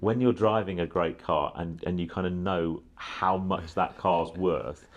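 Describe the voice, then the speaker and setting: Male stage interviewer, very low voice, enthusiastic, halting phrasing. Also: steady tone, muffled recording. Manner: eager, hesitant questioner with restarts. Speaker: interviewer, TV presenter. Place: museum lecture theatre.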